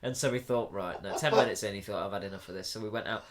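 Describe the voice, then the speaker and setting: Animated young Englishman telling a story. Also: on the low side, fast talker. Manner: animated storyteller, swears and laughs mid-anecdote. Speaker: podcast co-host. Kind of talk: casual chat.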